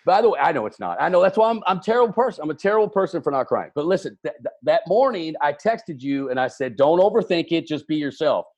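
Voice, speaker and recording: A man with a Kentucky accent, a radio DJ, talks as a guest over a video call. His voice sits somewhat high for a man, and he talks animatedly, mocking himself and stammering as he restarts. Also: fast, hardly any pauses, dull audio. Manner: animated, exclamatory, self-deprecating, stammering restarts. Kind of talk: casual video-call conversation.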